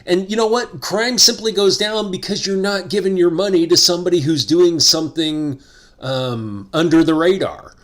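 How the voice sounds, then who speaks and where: A man's voice: high voice, moderate pace, a bit bright. A middle-aged man hosting a casual vlog monologue, rambling and joking with asides. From United States. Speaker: host.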